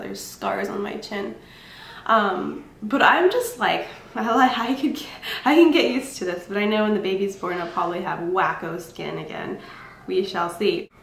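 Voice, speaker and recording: A woman's voice: mid-range voice, normal speed, creaky, a little hiss or hum. Tired chatty woman, echoey room. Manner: chatty and candid, with frequent ums and laughs. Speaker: vlogger. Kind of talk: casual pregnancy vlog. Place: home room.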